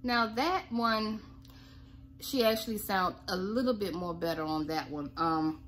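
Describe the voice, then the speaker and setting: A woman's voice: mid-range voice, a little slow, a bit bright, a little hiss or hum. A woman who owns a cleaning business, giving blunt, sassy, folksy coaching tips to camera.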